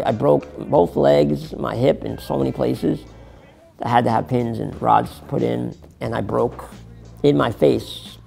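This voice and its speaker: A man's voice: mid-range voice, gravelly, darkish tone. A middle-aged man, telling his story in a candid interview, rambling and swearing as he corrects himself. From New York City. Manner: rambling, profane, self-correcting.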